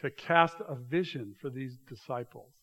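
A pastor giving a conversational sermon, animated and full of restarts, speaking to a church congregation. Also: male voice, mid-range voice, moderate pace.

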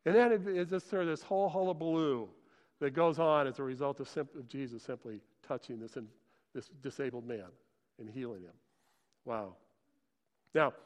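A man preaching a sermon, retelling scripture in animated storytelling and acting out the voices. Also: medium pitch, big-room sound. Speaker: pastor.

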